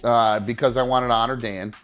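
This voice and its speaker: A man hosting a loose, casual podcast at an ordinary middle pitch, rambling through fillers and half-finished sentences. He mutters to himself while fumbling with his setup, and he is openly sentimental. Faint music plays behind him. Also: fairly even intonation, brisk, a bit bright. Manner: rambling, many fillers and restarts, talks to himself while fiddling with pictures; sentimental, gets choked up. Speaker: podcast host. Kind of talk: casual chat.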